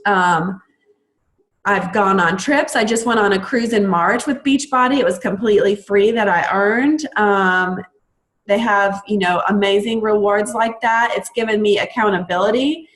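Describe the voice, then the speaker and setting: A woman's voice: mid-range voice, moderate pace, a bit bright, poor audio. A young adult woman, a fitness coach, talking enthusiastically on a recruiting call, with frequent ums.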